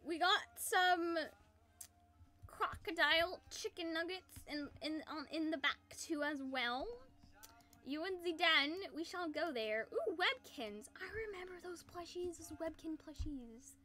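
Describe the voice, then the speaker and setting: High-pitched, goofy woman streamer. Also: measured pace, pushed and bright. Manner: playful and silly, jumping between goofy voices and giggles. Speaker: livestreamer. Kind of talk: casual live game-stream chatter.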